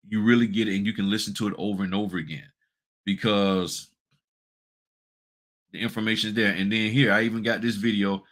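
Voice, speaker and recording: A man with a low-pitched voice hosts a casual talk on running a notary business. He speaks bluntly and colloquially, pressing his listeners with rhetorical questions as he walks them through his site. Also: a bit bright. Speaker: notary business channel host. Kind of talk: casual advice talk with screen walkthrough.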